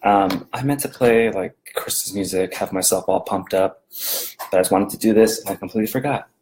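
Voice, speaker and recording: Man, lowish voice, chatty home devotional talk, loose and rambling, many ums and restarts. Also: a little fast, darkish tone, rough recording. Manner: rambling, conversational, frequent fillers and restarts. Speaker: devotional video host.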